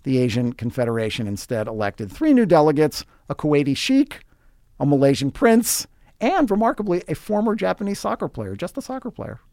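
A man delivers scripted sports commentary as a podcast host, his voice sitting a little high for a man. He is dry and sarcastic, dropping wry asides between facts. The recording is dry, with no room echo. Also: sing-song, a little fast, a little mellow.

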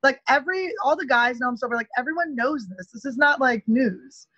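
A woman comedian chatting as a podcast guest, telling a long story in an animated way with lots of "like". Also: sits high, brisk, dry recording, highs cut off. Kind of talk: casual podcast chat.

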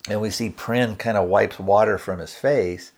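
A man with a fairly low voice recaps a movie for his podcast in a loose, relaxed way. He strings the scenes together with fillers and slips the characters' lines into his own everyday voice. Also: moderate pace, vocal fry. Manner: relaxed, hedging with fillers like kinda and you know. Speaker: podcast host reviewing a film. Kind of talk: casual spoken movie recap.

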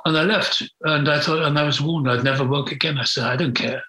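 An older man reminisces in an interview, frank and rambling, pausing often on fillers. His voice is bright and has an edge of tension. The recording carries a roomy echo. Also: fairly high pitch, steady tone. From Britain. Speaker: guest.

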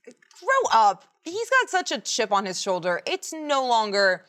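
Female co-host, animated voice, quick sarcastic one-liners in casual sports talk. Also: a little high. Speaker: podcast co-host.

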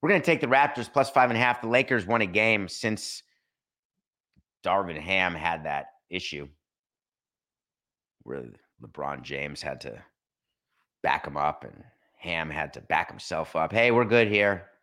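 Animated man hosting a sports podcast. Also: deep voice, unhurried, pauses often. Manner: animated, acts out imagined dialogues. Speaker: podcast host. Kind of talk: solo sports talk monologue.

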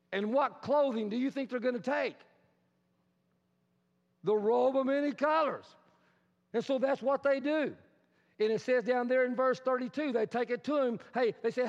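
A man's voice: very high-pitched, normal speed. A male pastor preaching a conversational sermon in a church sanctuary, with dramatic storytelling and rhetorical questions, recorded in a reverberant hall with dull, lo-fi sound.

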